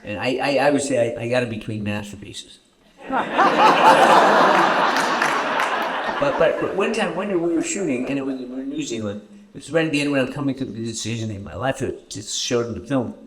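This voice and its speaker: A man from Canada answering audience questions at a festival screening, halting and repeating words often as he tells stories. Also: medium pitch, lively intonation, heavy background noise. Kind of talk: festival Q&A storytelling. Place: festival stage Q&A.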